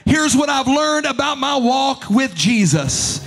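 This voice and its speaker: A man with a very high voice preaches in a church sanctuary, shouting and chanting his refrains. Soft music plays faintly behind him. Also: lively intonation, slow, hardly any pauses. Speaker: pastor. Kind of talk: sermon.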